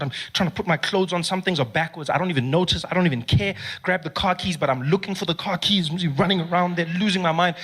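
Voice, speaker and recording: A man's voice: on the high side, a bit bright. A man telling a story in stand-up style, animatedly switching into voices for other people. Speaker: stand-up comedian.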